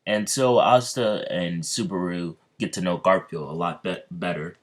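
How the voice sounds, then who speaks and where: A man casually narrating a fan story, rambling and halting with many fillers and restarts. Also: low-pitched.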